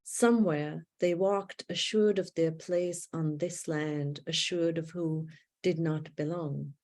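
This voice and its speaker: A woman reading her own poetry aloud in measured, deliberate phrases with long pauses, over a livestream video call. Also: deep voice, steady tone, darkish tone. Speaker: poet reading her work. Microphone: video call setup.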